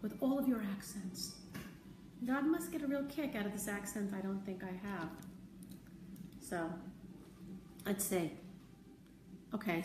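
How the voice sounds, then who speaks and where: A woman hosting a live stream as a spiritual teacher, talking gently and conversationally, answering viewer comments and repeating her key phrases. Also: medium pitch, background noise. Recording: roomy, distant mic, faint ambience.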